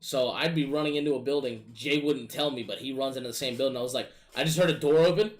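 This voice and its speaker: A man casually telling gaming stories in a profane, animated, exasperated way. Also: medium pitch, fast. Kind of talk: casual storytelling chat.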